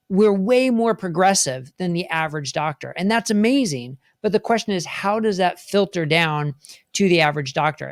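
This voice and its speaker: A man's voice: sits high, dry recording, clean studio sound. Earnest man explaining on a podcast. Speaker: cardiologist guest. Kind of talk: interview explanation.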